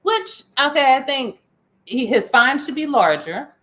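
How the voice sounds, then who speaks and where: A woman's voice: high-pitched, sing-song, a little slow, fairly bright tone. A middle-aged woman co-hosting a casual podcast chat, playful, laughing often and filling her talk with ums. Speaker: podcast co-host.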